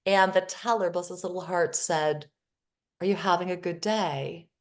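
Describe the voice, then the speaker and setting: A woman's voice: lowish voice, normal speed. A woman guest on a podcast interview, telling personal anecdotes earnestly and acting out the other people in them. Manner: earnest storyteller who acts out the other people in her anecdotes. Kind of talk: casual conversational interview.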